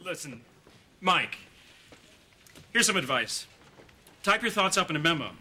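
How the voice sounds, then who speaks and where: An actor playing a mocking, loud-mouthed executive who laughs at his own jokes. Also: high voice, big pitch swings, measured pace, slightly rough, exaggerated voice. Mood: condescending. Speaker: video game company boss.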